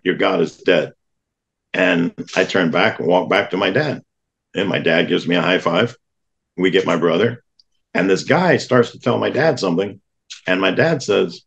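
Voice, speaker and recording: A man, a guest on an interview podcast, telling a personal story with lively acted-out quotes of other people. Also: low voice, creaky, dull audio. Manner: animated storyteller who acts out quoted voices.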